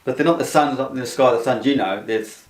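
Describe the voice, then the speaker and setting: An Australian man talking over a video call in a casual group chat. He explains things in a rambling, halting way. His voice carries a roomy echo. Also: mid-range voice. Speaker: panel member.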